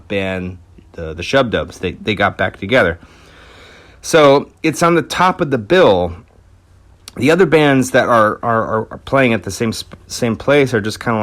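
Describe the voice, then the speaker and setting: A man's voice: on the low side, fairly bright tone. A man hosting a podcast, telling a rock history story in a loose, chatty way with lots of fillers and restarts. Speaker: podcast host. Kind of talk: casual storytelling.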